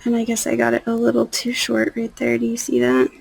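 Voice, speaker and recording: A woman's voice: fairly high pitch, lively intonation, a little fast, gravelly, husky, rough recording. A young woman chatting casually as she does her nails, rambling and trailing off into near-whispers. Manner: rambling, soft-spoken, drifting into near-whispers. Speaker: nail art vlogger. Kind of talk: casual chat.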